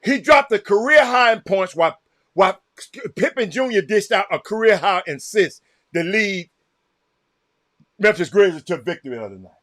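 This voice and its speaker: A man with a Southern American accent hosting a casual livestream, reacting loudly to a game and calling out viewers by name. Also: high voice, moderate pace, no room sound, clean studio sound. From Texas. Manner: excitable, reacts loudly to a game while chatting; addresses viewers by name, repeats himself. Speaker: livestream host. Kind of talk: casual chat with live viewers.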